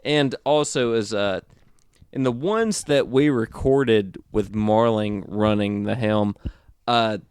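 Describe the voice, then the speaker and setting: A man's voice: on the low side, slow pace, darkish tone, clean tone, dry recording. A man with a Southern US accent, co-hosting a podcast with casual, crude, joking banter. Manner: joking, teasing, laughs often. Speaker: podcast co-host.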